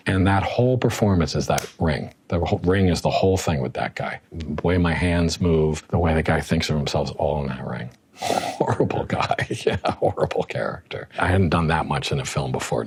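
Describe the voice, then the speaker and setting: A middle-aged man with a deep, husky voice that swings lively up and down as he chats about old acting jobs. He is self-mocking and loose, with an easy interview tone. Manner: chatty and self-mocking, laughs often. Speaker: actor recalling past roles. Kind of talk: casual interview recollection.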